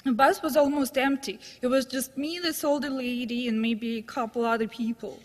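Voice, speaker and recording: A woman with a high voice tells wry, anecdotal true stories to a live audience. Her voice carries a long reverb from the hall she performs in. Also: steady tone, moderate pace. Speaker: storyteller. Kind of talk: live true-story telling. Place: stage in a hall.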